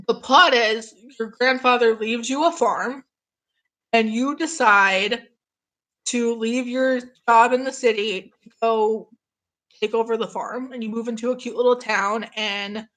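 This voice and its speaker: Young woman on a livestream, kinda high voice, still a bit sick, gushing nonstop. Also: fairly bright tone. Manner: gushing, chatty, reads out chat comments. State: getting over an illness, coughing. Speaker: streamer. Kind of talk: casual live-stream chat.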